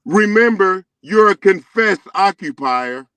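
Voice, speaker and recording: Lisping guy yelling on a morning show, high bright voice, dead dry sound. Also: animated, measured pace, no room sound, low-quality recording. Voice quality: lisp. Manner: yelling, insulting, rambling. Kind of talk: heated on-air banter.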